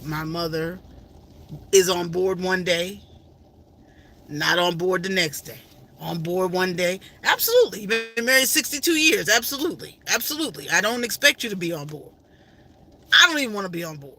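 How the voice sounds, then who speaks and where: A woman's voice: fairly low pitch, sharp tone, a little hiss or hum. A middle-aged woman vlogger in an emotional, faith-filled personal storytelling style, repeating herself often.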